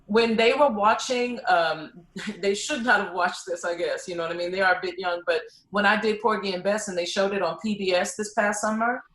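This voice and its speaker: A woman opera singer, a guest in a casual conversation, telling stories in an animated way with lots of "you know.". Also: medium pitch, a little fast. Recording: roomy echo.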